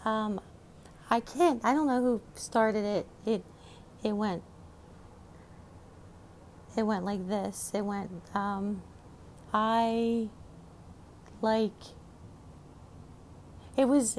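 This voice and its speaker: A middle-aged woman hosts her own show and talks into her phone in an unhurried, meandering way. She is chatty and affectionate and circles back on her thoughts. A faint hiss sits under her voice. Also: on the high side. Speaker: podcast host. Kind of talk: casual chat.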